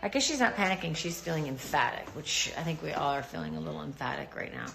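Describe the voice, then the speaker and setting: A middle-aged woman talks straight to her viewers on a live stream. Her voice sits a little low, and her delivery is chatty, reassuring and informal. It sounds like it is picked up by a phone or laptop mic. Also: lively intonation, quick pace, vocal fry, fairly bright tone, slight background noise. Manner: chatty, reassuring, greets commenters. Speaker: livestream host talking to viewers. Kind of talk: casual live-stream chat.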